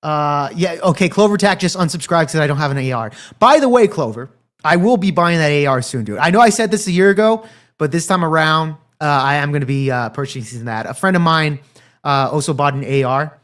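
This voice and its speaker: A man's voice: a little high, lively intonation, fairly quick, a bit bright. Profane rambling male streamer. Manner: talks straight to live chat. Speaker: livestream commentary host. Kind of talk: casual livestream commentary.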